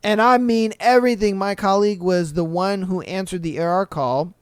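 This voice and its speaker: A man hosting a podcast, reading stories aloud and reacting with profane, animated, exaggerated commentary. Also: high voice, normal speed, clean tone, no echo, clean studio sound. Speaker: podcast host.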